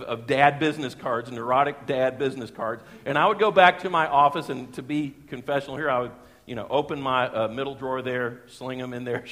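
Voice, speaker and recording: Folksy preacher in an echoing church. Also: male voice, mid-range voice. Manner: lively storyteller, chuckles, folksy asides. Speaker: pastor. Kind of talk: sermon with personal storytelling. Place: church sanctuary. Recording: long church hall reverb.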